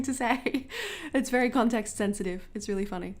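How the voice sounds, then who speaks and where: A woman's voice: mid-range voice, quick pace. Bubbly Australian woman livestreaming. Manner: chatty, bubbly, talks to chat viewers. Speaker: journaling livestream host. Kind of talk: casual livestream chat.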